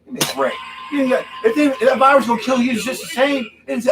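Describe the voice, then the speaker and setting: There is background noise as this man speaks fast in a very high voice with vocal fry and fairly even intonation. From his home studio he hosts a drinking livestream, angrily ranting in circles and adding "okay?" to his points.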